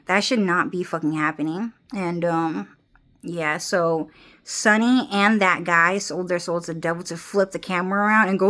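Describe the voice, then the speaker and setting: A woman's voice: fairly low pitch, moderate pace, fairly bright tone. A young woman talking into her phone camera in a rambling vlog, swearing often, restarting and repeating her phrases, and breaking into laughs. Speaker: vlogger.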